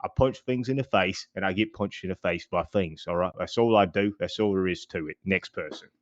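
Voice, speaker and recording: A man's voice: low-pitched, brisk, highs cut off, natural voice. A man voicing a boastful male orc fighter with a put-on British-sounding accent and a brash, swaggering manner.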